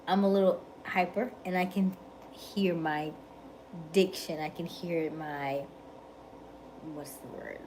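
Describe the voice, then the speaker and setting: A woman in her late thirties hosting a livestream, talking with viewers in a calm, methodical, relaxed way. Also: lowish voice, a little hiss or hum. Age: 30s. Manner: calm, methodical, unhurried delivery. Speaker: livestream host.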